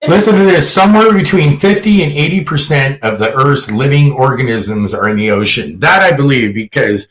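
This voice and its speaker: A man's voice: medium pitch, normal speed, reverberant, rough recording. Guy hosting a podcast, cussing and cracking jokes, mid voice, just chatting. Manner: crude, joking, animated storyteller. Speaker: podcast host. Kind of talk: casual podcast chat.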